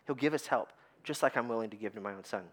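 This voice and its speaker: A man's voice: on the low side, quick pace. A middle-aged man preaching a sermon as pastor, telling stories with energy and often repeating words as he starts sentences.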